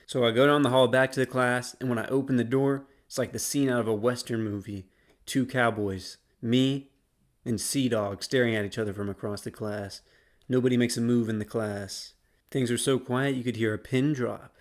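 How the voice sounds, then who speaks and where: A man's voice: mid-range voice, steady tone, normal speed. A young man casually telling a school story as a YouTuber, slangy and rambling. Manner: slangy, rambling, laid-back.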